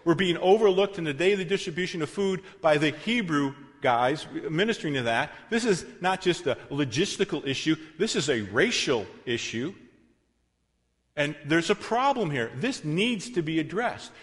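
A man's voice: sits high, expressive, moderate pace, fairly bright tone. A pastor preaching a sermon, driving his points home with emphasis and asking the congregation questions. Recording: long reverb of a large hall.

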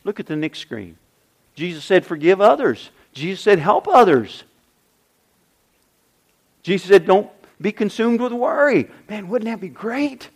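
An older man preaching a sermon as pastor, emphatic, with repeated refrains and rhetorical questions. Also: high voice.

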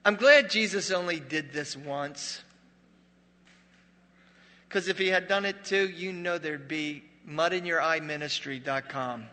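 A man preaching a sermon as pastor, a joking, conversational storyteller who drops to a hush for dramatic moments. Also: fairly high pitch, measured pace, long reverb tail.

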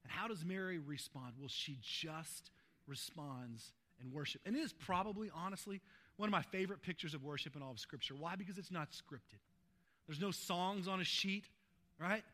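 A man preaching a sermon as pastor, emphatic, stacking adjectives and swinging between loud urgency and hushed tenderness. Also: on the high side, lively intonation, brisk.

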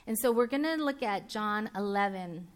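A woman's voice: mid-range voice, lively intonation. Chatty woman giving a casual sermon. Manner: chatty, with filler words and quick restarts; laughs easily and banters with the audience. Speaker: preacher.

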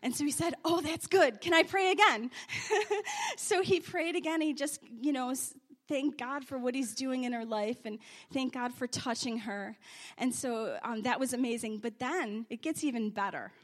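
A woman preaching a sermon, telling stories and testimony, moving from hushed confession to loud praise. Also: on the high side, moderate pace. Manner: animated, swings from hushed confession to loud exclamations.

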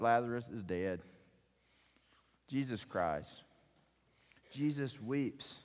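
Male preacher, mid pitch, animated storyteller; recorded with long hall reverb. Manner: storytelling, animated retelling with acted quotes. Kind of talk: sermon.

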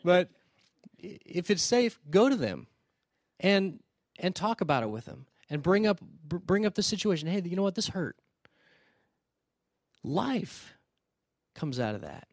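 High-pitched guy preaching, dry close mic, lots of quick asides and restarts. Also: sing-song, dry recording. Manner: storytelling, conversational with quick asides and repeated starts. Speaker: pastor. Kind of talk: sermon.

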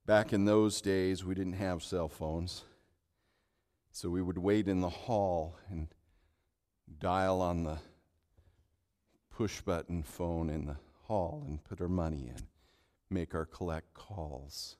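Middle-aged pastor preaching in an echoing hall. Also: male voice, deep voice, takes it slowly, long pauses. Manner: animated storytelling, repeats words while speaking. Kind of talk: sermon. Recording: long hall reverb.

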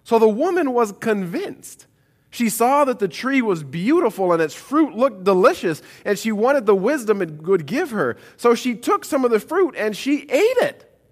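Male preacher, high voice, very animated delivery, chatty Bible reading. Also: moderate pace. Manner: expressive Bible reading, conversational asides. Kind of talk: sermon.

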